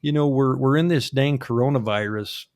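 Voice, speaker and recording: A man's voice: mid-range voice, moderate pace, a little mellow, no echo, studio quality. A man hosting a podcast, swapping hunting stories in casual chat, laughing as he goes. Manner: storytelling, laughs often. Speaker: podcast host.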